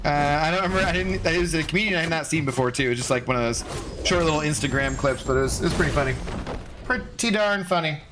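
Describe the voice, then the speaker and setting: Man, game streamer, rambling casual chat, fairly high voice, faint music behind. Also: fast. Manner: rambling, chatty, reads chat aloud and answers. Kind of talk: casual live-stream chat while gaming.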